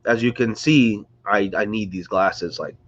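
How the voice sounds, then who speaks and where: In a lowish, unhurried voice, a man rambles and chats through a casual livestream, saying hi to viewers while sounding congested and sick. The recording is muffled, made near a screen or phone.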